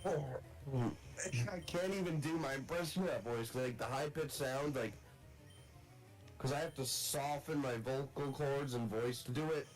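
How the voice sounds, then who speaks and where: A man's voice: mid-range voice, measured pace, faint music behind, low-quality recording. Congested man with a phlegmy voice. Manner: crude, rambling. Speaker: friend on stream. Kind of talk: casual chat.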